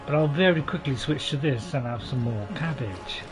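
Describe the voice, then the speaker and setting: A man's voice: mid-range voice, normal speed, over music. A man hosting a gaming channel, giving chatty, self-deprecating commentary with dry jokes and a lot of hesitation. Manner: hesitant, with many fillers and restarts. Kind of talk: gameplay commentary.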